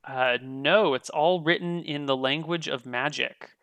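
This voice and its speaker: Man as dungeon master, bright crisp voice, relaxed, dry close sound. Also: a little high, measured pace, no echo. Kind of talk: narrating a tabletop game.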